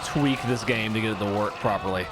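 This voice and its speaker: A man's voice: lowish voice, a little fast, heavy background noise. Chatty young man streaming a game. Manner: rambling, chatty, self-mocking. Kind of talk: casual gameplay commentary.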